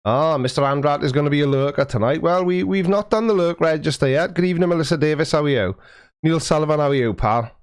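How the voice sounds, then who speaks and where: A man's voice: on the high side, quick pace, smooth, no echo, clean studio sound. A man hosting a casual livestream, chatting and joking with viewers while he fiddles with his settings into a mic with a foam windscreen. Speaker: livestream host. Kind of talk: casual livestream chat reading viewer messages. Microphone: studio mic with a foam windscreen.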